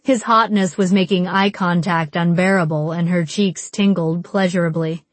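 A woman reading an audiobook in a wry, measured narration style. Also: fairly low pitch, fairly even intonation, dry recording.

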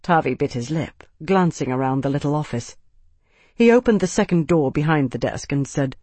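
A narrator reading a novel in an even, measured way. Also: medium pitch, dry recording. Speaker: audiobook narrator. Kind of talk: scripted narration.

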